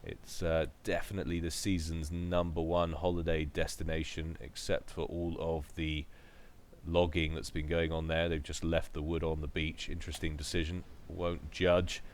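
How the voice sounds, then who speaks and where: A man's voice: very deep voice, flat delivery, normal speed, a little hiss or hum. A man giving casual, chatty play-by-play commentary on a strategy game, with joking asides. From United Kingdom.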